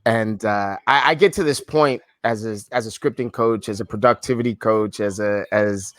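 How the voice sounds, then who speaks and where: A man's voice: fairly low pitch, normal speed, fairly bright tone, no echo. A man hosting an interview podcast, talking in a loose, effusive way, repeating his words and calling his guest "man" and "brother.". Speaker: podcast host. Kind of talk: casual interview chat.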